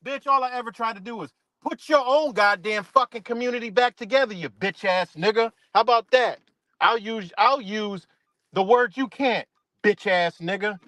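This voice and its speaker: A man with a high voice hosts his livestream in a heated, profane rant, mocking and cursing at someone. The sound is dry and close, with no room around it. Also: normal speed, bright, forceful tone, dry recording. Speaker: livestream host.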